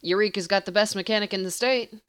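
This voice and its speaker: A woman's voice: medium pitch, quick pace, fairly bright tone, close to an everyday voice. A woman reading the part of an easygoing, helpful small-town male sheriff with a folksy manner in an audiobook. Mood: friendly.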